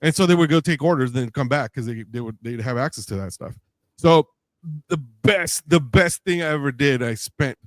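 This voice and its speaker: A man's voice: mid-range voice, moderate pace, no echo. A man telling a long anecdote in casual podcast chat, acting out the voices he quotes. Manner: animated storyteller, acts out quoted voices with laughs.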